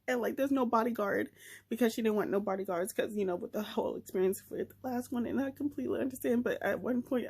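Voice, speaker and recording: A young woman vlogging, chatting excitedly and emotionally about a book she just read, talking straight to her viewers. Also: a little high, husky, low-quality recording. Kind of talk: casual chat.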